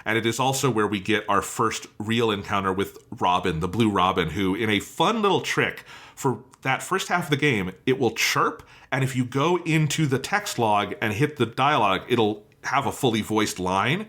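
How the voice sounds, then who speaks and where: A man's voice: lowish voice, lively intonation, moderate pace, a bit bright. A man co-hosting a podcast, talking about a story with enthusiasm and casual swearing, often laughing. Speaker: podcast co-host. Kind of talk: casual review chat.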